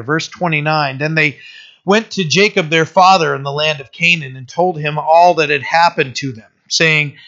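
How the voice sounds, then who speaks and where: Chatty male pastor, bright voice. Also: a little high, highs cut off. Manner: conversational, many fillers, asks listeners "right?". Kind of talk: sermon reading and explaining scripture.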